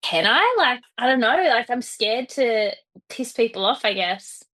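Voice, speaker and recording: A woman's voice: on the high side, lively intonation, measured pace, bright, forceful tone. A young woman as a client on a coaching call, hesitant and full of fillers. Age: young adult.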